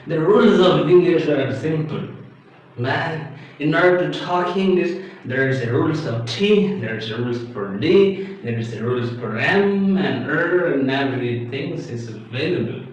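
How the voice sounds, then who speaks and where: Excitable man teaching accent in an echoey room. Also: fairly high pitch, unhurried. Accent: Indian. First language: Indian language. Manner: exclamatory, acts out confused learners. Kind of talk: animated video lesson. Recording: echoey, distant, dull lo-fi with faint hiss.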